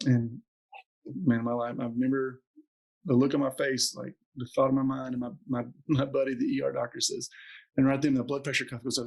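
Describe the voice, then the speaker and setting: A man's voice: mid-range voice, level tone, brisk, creaky, darkish tone, breathy edge, rough recording. A man in his forties, a doctor telling a story in an interview and acting out the quotes with animation. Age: 40s. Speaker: podcast guest, doctor.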